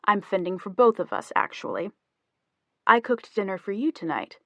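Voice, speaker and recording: A woman's voice: mid-range voice, lively intonation, normal speed, fairly bright tone, dry recording, highs cut off. A woman reading the lines of a playful young husband in an audiobook, joking and teasing. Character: easygoing playful young husband, rock musician.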